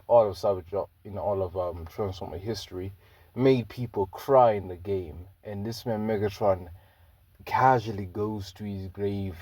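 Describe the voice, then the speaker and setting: A man voicing a solemn male robot leader, low and heavy when angry, in a fan-made storytelling video. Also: dark tone, no room sound.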